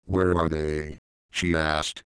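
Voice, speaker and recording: Guy reading a story out loud, real low voice, super flat, clean and dry. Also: takes it slowly, clear, resonant tone, no echo, rough recording. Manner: flat, low-key delivery, voicing both sides of the dialogue without much change. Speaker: narrator. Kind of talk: first-person story reading.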